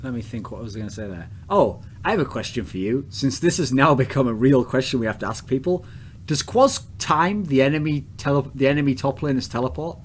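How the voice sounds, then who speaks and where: A man's voice: mid-range voice, lively intonation, fairly quick, slight background noise. An English man hosting a casual podcast chat, blunt, provocative and crude in his questions. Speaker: podcast host.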